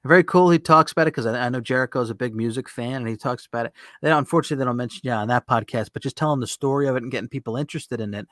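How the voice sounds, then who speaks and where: A man hosting a podcast in a casual, easygoing way, enthusiastic and quick to agree. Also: mid-range voice, a bit bright, dry recording, clean studio sound. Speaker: podcast host. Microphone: podcast studio mic.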